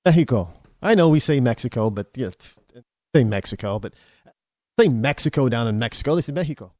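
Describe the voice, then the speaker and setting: Rambling American man with a lively voice. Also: mid-range voice, dry recording, clean studio sound. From United States. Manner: rambling, halting, with many restarts. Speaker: talk show host. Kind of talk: opinionated monologue.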